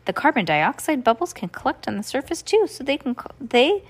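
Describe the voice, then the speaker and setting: A woman voicing a calm, helpful aunt in a soft, even storybook voice. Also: sits high, a little fast, husky, pitched above the performer's own voice, full character voice. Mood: explaining.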